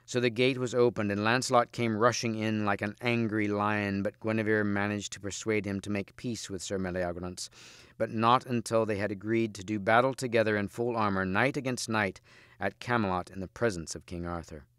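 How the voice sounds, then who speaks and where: A man, a teacher, reading a storybook aloud in steady, measured audiobook narration. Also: fairly low pitch, smooth, no echo, clean studio sound.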